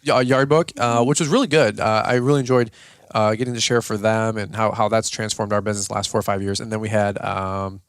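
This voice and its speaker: A man's voice: fairly low pitch, fairly even intonation, quick pace, smooth, no room sound, clean studio sound. A tired man co-hosting a casual podcast, rambling energetically with lots of fillers and restarts. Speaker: podcast co-host, lawn care business owner.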